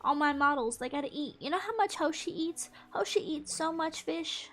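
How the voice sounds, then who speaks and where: A woman's voice: high-pitched, animated, moderate pace, a bit bright, soft background music. A young woman giving casual, playful gameplay commentary, mock-exasperated and talking to the fish on screen. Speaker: gaming streamer.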